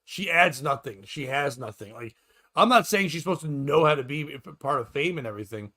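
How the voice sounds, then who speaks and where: A man's voice: on the high side, expressive, a little fast, sharp tone. A man hosting a comedy podcast, riffing sarcastically and profanely in casual chat and acting out quotes.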